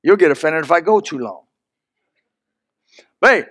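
High-pitched male preacher, folksy storyteller, bursts of loud emphasis. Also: animated, moderate pace, pauses often, no room sound, studio quality. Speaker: pastor. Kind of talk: sermon.

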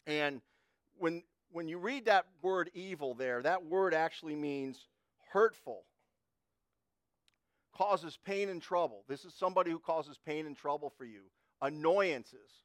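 A middle-aged man delivers a sermon in a folksy, chatty way, pausing and restarting as he tells a story from his own life. His voice sits a little higher than most men's. The sound is dry and close, with no room echo. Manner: folksy, conversational, repeats and restarts words. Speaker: preacher.

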